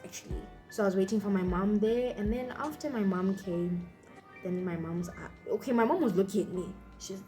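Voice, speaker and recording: Brief: young woman with a Botswana accent, mellow tone, chatty storytelling vlogger, faint music behind. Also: mid-range voice. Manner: chatty, full of fillers and acted-out quotes. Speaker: YouTuber. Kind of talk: storytelling vlog.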